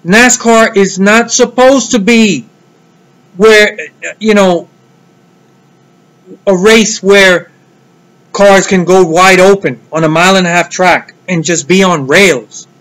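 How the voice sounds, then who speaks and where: A man's voice: high-pitched, slow pace, long pauses, fairly bright tone, low-quality recording. A man giving a heated, blunt solo rant about motor racing, swearing freely. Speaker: motorsport commentator vlogger.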